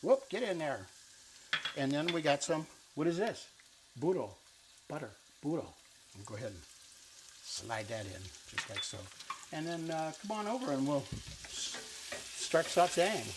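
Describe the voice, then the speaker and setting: A man's voice: fairly high pitch, big pitch swings, unhurried, pauses often, background noise. Chatty male cooking show host. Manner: chatty, playful, jokes and teaches Italian words. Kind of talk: casual cooking demonstration. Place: kitchen with island and stovetop.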